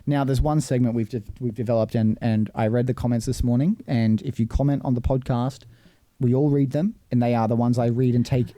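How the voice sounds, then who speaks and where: A man's voice: mid-range voice, steady tone, a little fast, dark tone, no room sound. A man hosting a podcast in casual chat, teasing his co-hosts and swearing freely. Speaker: podcast host.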